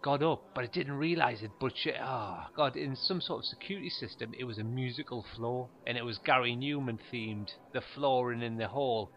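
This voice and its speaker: Gravelly deadpan man doing stand-up. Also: medium pitch, moderate pace, few pauses, muffled recording. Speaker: stand-up comedian. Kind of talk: stand-up monologue.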